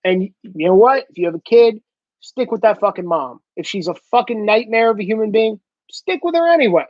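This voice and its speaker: A man's voice: high voice, a little fast, no echo. A man ranting heatedly and profanely in a rambling solo monologue, recorded alone in a room. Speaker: solo vlogger. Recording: dull lo-fi, dry.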